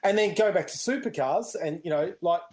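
A man's voice: high voice, a little fast, a little mellow. An Australian man co-hosting a gaming podcast, talking in an easygoing, rambling way and readily agreeing with his co-host. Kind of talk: casual chat.

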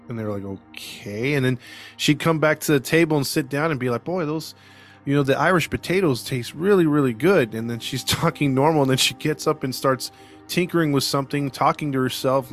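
A man hosting a podcast, retelling a case in casual chat, acting out the quoted voices with frequent laughs. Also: mid-range voice. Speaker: podcast host.

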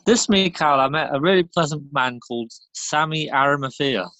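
Male co-host, dry teasing banter, slightly high voice, dead-dry close sound. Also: moderate pace, bright, forceful tone, no echo. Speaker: podcast co-host. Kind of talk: casual comedy chat.

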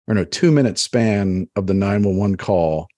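A man's voice: low-pitched, moderate pace, dark tone, no echo, clean studio sound. A man co-hosting a podcast in casual chat, rambling with a lot of "like.". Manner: rambling, heavy use of "like". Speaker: podcast co-host.

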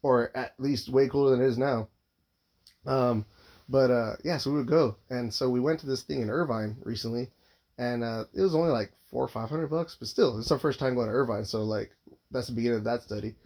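A man in his thirties, a father, spins a long, rambling story, swearing nonstop and leaning on filler words. His voice is medium-pitched, a little mellow, and brisk.

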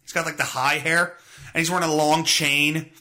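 Profane, forceful podcast guy in his thirties. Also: a little high, steady tone, normal speed. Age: 30s. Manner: profane, rambling, sarcastic. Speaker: podcast host. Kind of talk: casual solo podcast rant.

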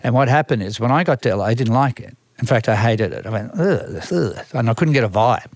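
An Australian man tells stories from his work as a music manager in a lively storytelling conversation, acting out other people's voices and often restarting sentences. His mid-range voice moves fast, recorded at studio quality with no room sound.

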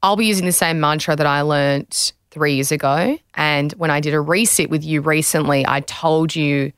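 Smooth, low-voiced young woman hosting. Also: fairly even intonation, normal speed, fairly bright tone, dry recording, studio quality. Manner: candid, chatty, personal. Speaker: host, retired sprinter. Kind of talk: conversational interview.

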